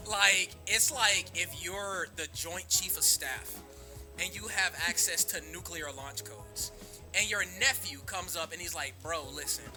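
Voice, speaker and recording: A man streaming and chatting casually, animated and swearing freely. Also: sits high, unhurried, faint music behind. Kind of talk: casual chat.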